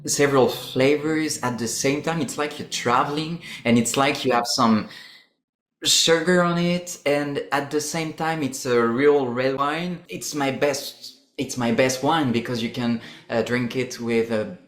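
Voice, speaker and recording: Man, French accent, expressive, halting English, echoey room. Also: medium pitch. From France. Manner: expressive, searching for words in English. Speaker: guest. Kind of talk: casual interview talk.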